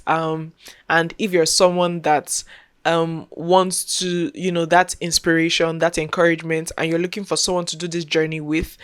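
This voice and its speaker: A young woman talking earnestly to camera as a content creator, repeating herself as she speaks from the heart. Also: lowish voice. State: getting emotional, near tears. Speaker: content creator and podcast host. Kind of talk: casual talk to camera.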